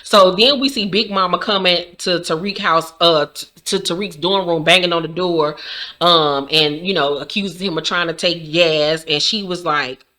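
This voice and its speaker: A woman's voice: on the low side, normal speed. A woman casually recapping a TV drama episode, cursing freely and acting out the characters' lines herself. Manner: profane, animated, acts out characters' lines. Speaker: recap vlogger.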